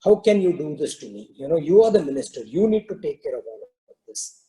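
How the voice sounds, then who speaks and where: Man voicing an angry king, scolding, complaining, very dark tone. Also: on the high side, fast talker, close to an everyday voice.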